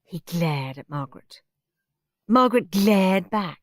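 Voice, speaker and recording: A woman narrating a children's storybook in an expressive reading voice. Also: medium pitch, measured pace, dry recording, studio quality. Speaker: audiobook reader.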